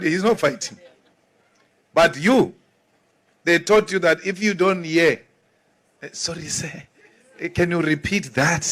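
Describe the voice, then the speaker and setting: A man's voice: fairly high pitch, fairly bright tone. A man from Africa, giving an emphatic, rousing political speech with mocking asides. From South Africa.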